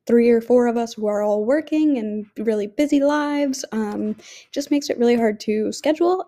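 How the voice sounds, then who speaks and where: Young woman host, earnest and apologetic, mellow slightly high voice. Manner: apologetic, earnest, slowing at the end. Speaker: podcast host. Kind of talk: casual announcement to listeners.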